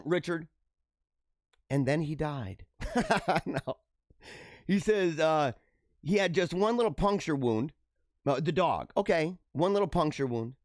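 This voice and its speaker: Male podcast host riffing on odd news in a lively, slangy way, fairly high voice, dry and close to the mic. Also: no room sound. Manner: animated, slangy, laughs often. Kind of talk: casual news commentary.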